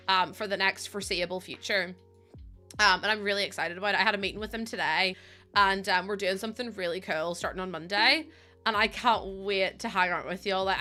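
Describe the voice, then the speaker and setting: A woman's voice: mid-range voice, pushed and bright. A woman with a Northern Irish accent, chatting casually to her viewers while building in a game, laughing often. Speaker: streamer.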